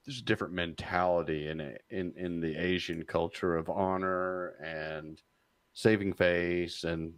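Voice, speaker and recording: A man's voice: deep voice, fairly even intonation, unhurried, no echo. A man co-hosting a podcast in casual political discussion, hesitant and repeating words as he searches for them.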